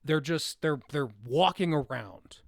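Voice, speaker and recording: A man's voice: a little high, animated, a little slow, dry recording, clean studio sound. A man co-hosting a film podcast in casual chat, blunt and profane, often restarting his sentences. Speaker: podcast co-host.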